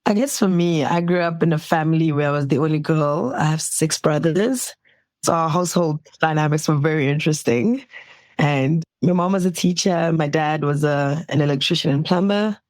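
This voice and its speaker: A young South African woman, a medical doctor, looks back on her career path as an interview guest from home. She's warm, laughs often, and quotes people with animation. Her voice is low, her pace normal, and the recording dry.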